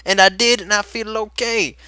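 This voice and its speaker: Bright-voiced energetic teen gamer. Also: male voice, sits high, moderate pace, smooth, no room sound. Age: late teens. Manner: energetic, rambling and chatty. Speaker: Let's Play host. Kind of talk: casual gameplay commentary.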